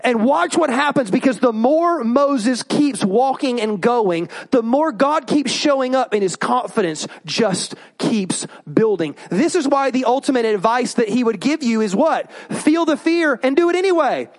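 High-voiced animated male pastor. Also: a little slow, few pauses. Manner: animated, acts out quoted voices with rising pitch. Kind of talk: sermon.

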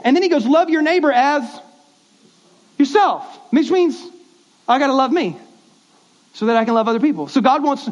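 A man's voice: very high voice, lively intonation, normal speed, long pauses. A man pastor giving a conversational sermon, often prompting the congregation to repeat words back, on dull lo-fi audio.

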